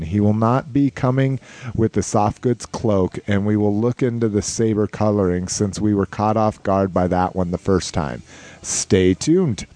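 A man with a somewhat low voice and a dark, mellow tone hosts a casual podcast. He reads listener questions aloud in a loose, easygoing way and chuckles often between lines. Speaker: podcast host.

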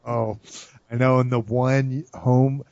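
A man's voice: medium pitch, level tone, slow, dull audio, crowd noise. A man hosting a toy podcast in casual chat, rambling and self-mocking with many fillers. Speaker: podcast host.

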